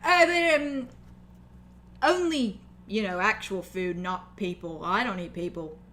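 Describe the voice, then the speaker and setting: A woman's voice: mid-range voice, expressive, a little slow, fairly bright tone, slight background noise. A woman voicing a big, cheerful young male orc who is a jokester, in a tabletop role-play. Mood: joking. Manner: friendly, joking, upbeat.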